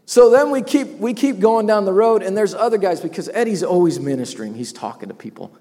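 A man's voice: high-pitched, lively intonation, a little fast, warm tone, big-room sound. A man telling an emotional personal testimony about his workplace, laughing often and tearing up at moments. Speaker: business owner sharing a testimony.

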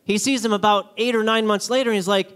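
Male guest preacher, high voice, animated storyteller who acts out characters. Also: quick pace, clean tone. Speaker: guest speaker. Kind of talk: sermon with acted-out stories.

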